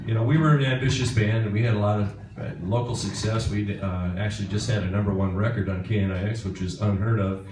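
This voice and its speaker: A man's voice: lowish voice, darkish tone, a little hiss or hum. Man, rambling onstage anecdote, chuckling, echoey hall, distant mic. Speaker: guitarist telling a story. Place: concert stage.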